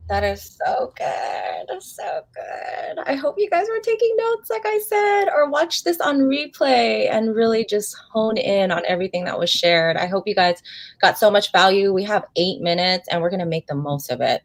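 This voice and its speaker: A woman's voice: medium pitch, moderate pace, dry recording. A woman hosting an interview show, talking with effusive, gushing enthusiasm and calling the audience "guys.". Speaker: host.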